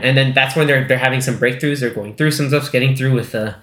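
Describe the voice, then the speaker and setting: A man rambles through a casual movie chat on a podcast, full of fillers and acted-out quotes. His voice sits at a middle pitch. The room adds a noticeable echo. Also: fairly even intonation, quick pace, fairly bright tone. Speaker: podcast co-host.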